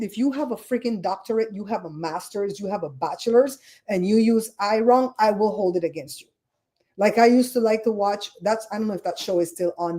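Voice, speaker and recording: Caribbean-accented woman host, animated casual chat, warm mellow tone. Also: medium pitch. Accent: Caribbean English. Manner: chatty, animated storyteller, fussy about grammar. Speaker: podcast host. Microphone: streaming setup microphone.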